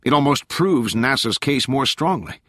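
Narrator as excited male ocean scientist, fast explaining, dry close voice. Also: mid-range voice, dry recording, voice pushed up. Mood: thoughtful. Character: eager male marine scientist, enthusiastic explainer.

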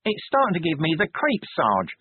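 A man's voice: a little high, huge pitch swings, moderate pace, husky, dry recording, pitched above the performer's own voice, exaggerated voice. A man voicing a scruffy male city watchman who talks in a whiny, rambling way. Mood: gloomy. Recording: tinny phone-like band.

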